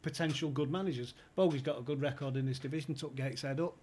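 A man's voice: medium pitch, steady tone, fast talker, a little mellow, slight background noise. A man guesting on a podcast, telling club stories in a chatty way, swearing freely and acting out the people he quotes. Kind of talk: anecdotal storytelling.

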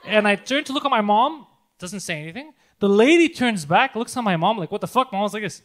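Fast-talking high-voiced man telling stories. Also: crowd noise. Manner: animated storytelling, swears a lot, laughs often. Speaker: podcast co-host. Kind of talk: casual podcast chat.

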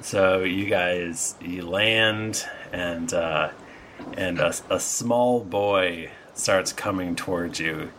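A man's voice: sits low, extremely slow, a bit bright, slight background noise. A man narrating as game master in a tabletop game, loose and easygoing with many fillers.

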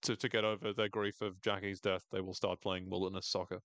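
A podcast host recaps a TV episode in a casual, irreverent manner, swearing and laughing often. His deep voice is flat and fairly quick with a fairly bright tone, and there's no echo.

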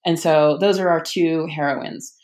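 A woman with a slightly low voice speaks as an interview guest. She talks in a loose, conversational way, restarting sentences and dropping in ums as her enthusiasm builds. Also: fairly even intonation, unhurried, a little mellow. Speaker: author and podcast guest.

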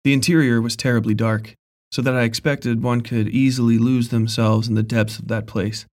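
A man reading a horror story aloud in a measured, even storytelling voice. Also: mid-range voice. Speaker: narrator. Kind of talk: scripted horror story narration.

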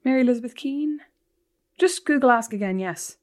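A woman co-hosting a podcast with her sister, teasing and animated, often breaking into laughter. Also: fairly high pitch, fairly quick. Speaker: podcast co-host. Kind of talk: casual chat between sisters.

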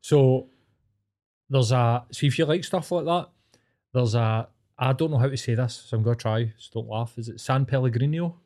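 A man's voice: medium pitch, normal speed, darkish tone. A Scottish man co-hosting a podcast, chatting in enthusiastic, sweary banter. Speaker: podcast co-host. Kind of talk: casual chat.

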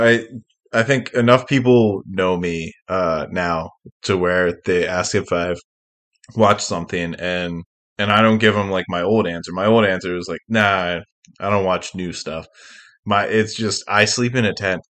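A man in casual podcast chat, telling wry deadpan stories. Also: deep voice, unhurried. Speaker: podcast co-host.

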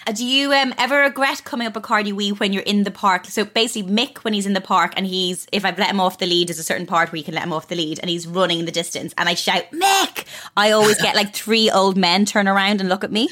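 An Irish woman hosting a casual interview, chatty and quick to laugh. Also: medium pitch, steady tone, a bit bright. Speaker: podcast host.

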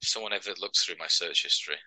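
A man's voice: low-pitched, racing, crowd noise, rough recording. A man co-hosting a wrestling podcast, chatty and joking as he rambles through match recaps. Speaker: podcast co-host. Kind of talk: casual chat.

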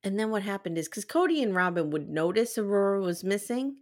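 A woman's voice: lively intonation, brisk. A woman co-hosting a podcast, recapping a reality show in casual chat, laughing often and acting out quotes. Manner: laughs often, acts out quotes in high voices. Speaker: podcast co-host.

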